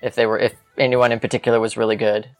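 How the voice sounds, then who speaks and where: Tabletop player, mid pitch, gravelly, chatty, hesitant. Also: flat delivery, racing, soft background music. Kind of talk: casual tabletop play.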